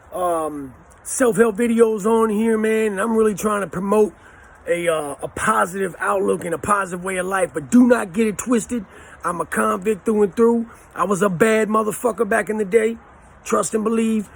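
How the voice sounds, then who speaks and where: Gravelly husky guy in his 40s, blunt and cussing, street slang storytime. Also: high-pitched, moderate pace. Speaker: channel host. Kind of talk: casual storytelling to camera.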